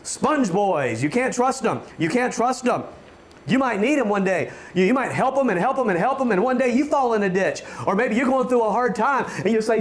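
High-voiced man preaching fervently. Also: lively intonation, normal speed, slight background noise. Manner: fervent preaching with frequent stammered restarts, rising to shouts. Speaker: pastor. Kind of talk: sermon.

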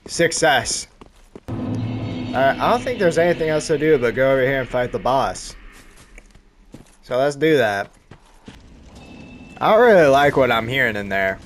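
A man giving casual, excitable commentary while playing a video game, yelping and talking back to enemies. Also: medium pitch, unhurried, pauses often, soft background music. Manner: excitable, yelps and talks to enemies. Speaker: gaming channel host.

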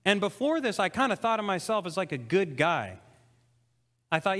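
A young man preaching a sermon, telling his conversion story with shifts between hushed and excited delivery. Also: a little high, measured pace, long pauses, long reverb tail. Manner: emotional storytelling, swings between soft and excited. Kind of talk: testimony sermon. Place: church hall.

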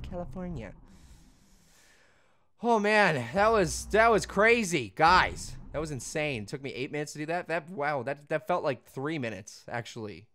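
A young man hosting a gaming channel, giving goofy, excitable let's-play commentary, yelling and laughing at the game. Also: on the high side. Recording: game music loud behind the voice. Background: video game music and vehicle sounds.

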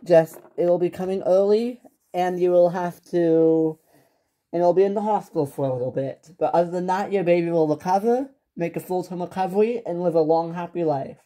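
A woman's voice: on the low side, normal speed, dark tone, close to an everyday voice. A woman voicing a businesslike hospital doctor. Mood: explaining. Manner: businesslike, explaining, slightly hesitant. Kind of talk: toy-figure home drama.

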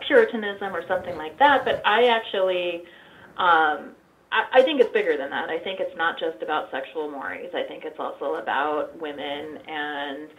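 A woman's voice: lowish voice, dull audio. A woman speaking as a guest on a radio talk show, earnest and thoughtful. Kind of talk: casual talk interview.

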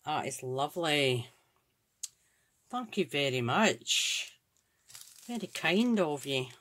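Speaking slowly in a low-sitting, fairly bright voice, this very animated Scottish crafts-channel host unboxes craft supplies. Her chat is casual and full of admiring gushes, and she thinks out loud as she looks things over.

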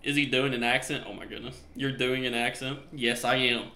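A man with an American country accent, joking and chatting through a horror game as a streamer, loud when scared. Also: medium pitch, flat delivery, normal speed, reverberant. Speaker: gaming streamer. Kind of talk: live gameplay commentary.

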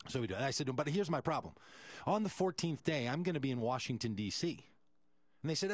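A man's voice: medium pitch, expressive, fast talker, dry recording, clean studio sound. A male radio host, telling a story animatedly and acting out the quoted voices.

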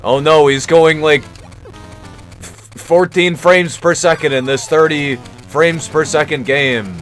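A man's voice: fairly high pitch, steady tone, takes it slowly, faint music behind. Profane, joking male game streamer. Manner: profane, joking, self-mocking. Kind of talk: casual gameplay commentary.

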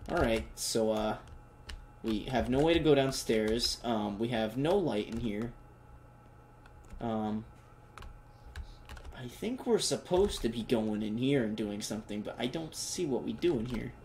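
A young man doing joking let's play commentary, reacting loudly and talking in slang. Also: mid-range voice, expressive, a little slow, pauses often, a little hiss or hum. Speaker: gamer.

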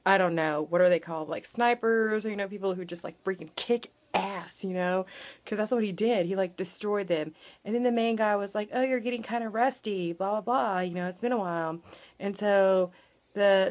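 A young woman vlogger casually recapping a short film, chatty and full of fillers, with some swearing. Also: mid-range voice. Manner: chatty, filler-heavy retelling with lots of "like" and swearing.

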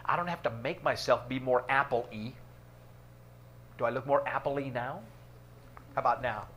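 A man pastor teaching a church book study, talking in a relaxed conversational way with joking asides and passages read aloud. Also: medium pitch, normal speed, slight background noise. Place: church room.

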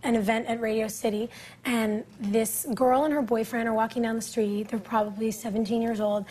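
A young woman in her twenties, an actress guest on a talk show, telling animated anecdotes. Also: fairly high pitch, moderate pace, a little hiss or hum. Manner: chatty, animated storyteller. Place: TV studio.

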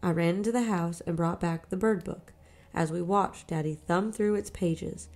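Low-voiced woman reading a story. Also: normal speed, darkish tone. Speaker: narrator.

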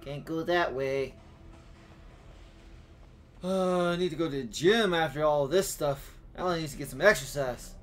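A young man giving casual, excitable gameplay commentary, talking to himself and yelping and shouting at enemies. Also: on the high side, measured pace, long pauses, soft background music. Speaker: gaming YouTuber.

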